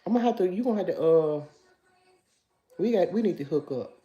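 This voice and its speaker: A woman with a lowish, mellow voice talks briskly and animatedly on a lo-fi sounding casual livestream. She's from Memphis, USA, with a country Memphis Southern accent, and she chats while answering viewers' comments aloud.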